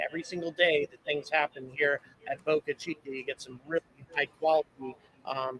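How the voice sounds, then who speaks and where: A man's voice: on the high side, a bit bright, low-quality recording. A man hosting a live stream outdoors, rambling and chatty as he thanks viewers and reads out where they are watching from. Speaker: livestream host. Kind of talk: casual live stream chat. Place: outdoors at a launch site viewpoint. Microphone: own microphone on a handheld camera setup.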